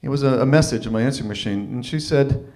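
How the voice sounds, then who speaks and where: A man in his thirties telling a personal story at an open mic, animated and acting out what other people said. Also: medium pitch, fast. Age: 30s. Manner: animated, acts out quoted voices. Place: live open mic venue.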